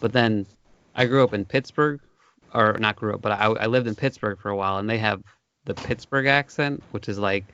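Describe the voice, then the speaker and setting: A man co-hosting a podcast, from Ohio, chatting casually and rambling through stories with lots of "like" and animated bursts. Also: fairly low pitch, brisk, smooth, dry recording. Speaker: podcast co-host. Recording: dry, slightly dull sound.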